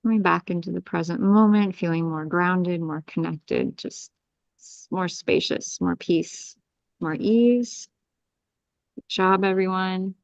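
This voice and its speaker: A woman astrologer leading a live group energy-clearing meditation, with soothing, repetitive invocations and breathing cues. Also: lowish voice, slow pace, no echo, highs cut off.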